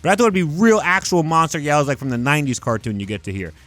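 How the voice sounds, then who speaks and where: A man's voice: on the high side, sing-song, quick pace, fairly bright tone, no room sound, soft background music. A young man hosting a casual video-game review, emphatic and swearing freely. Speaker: gaming video host.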